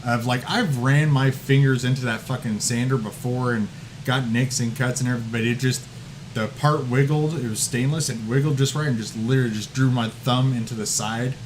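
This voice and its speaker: A man chats loosely as a podcast host, swearing freely and laughing through his own stories. He slips into quick voices for the people in his tales. His pitch sits right in the middle for a man. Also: steady tone, background noise. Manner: profane, laughing storyteller who acts out quotes. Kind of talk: casual podcast chat.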